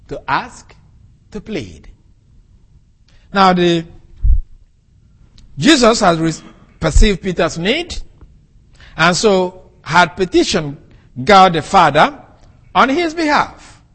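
A man preaching a sermon, teaching from the Bible and explaining Greek words with an animated delivery. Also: takes it slowly, pauses often. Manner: animated, rises and falls sharply in pitch and loudness.

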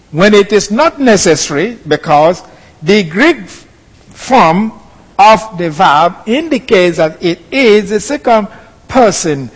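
High-voiced guy preaching a sermon, lots of uhs, big echoey hall. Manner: animated teaching with pauses and fillers. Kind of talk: expository sermon.

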